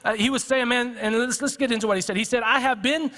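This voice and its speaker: Texan man, pastor, casual preaching style, high voice, long church-hall reverb. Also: steady tone, fast talker, a bit bright. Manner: conversational preaching with repeated restarts and questions to the congregation. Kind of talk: sermon. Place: church sanctuary.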